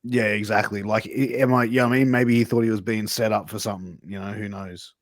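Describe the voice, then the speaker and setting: A man's voice: lowish voice, fairly even intonation, quick pace, no room sound, clean studio sound. A man co-hosting a podcast, chatting casually and swearing freely while reading sponsor plugs. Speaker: podcast co-host.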